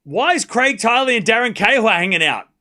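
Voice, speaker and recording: Man, watchalong host, high-pitched, bright tense tone, excitable, blunt. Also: a little fast. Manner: excitable, blunt, swears freely. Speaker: streamer host. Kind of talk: live watchalong commentary.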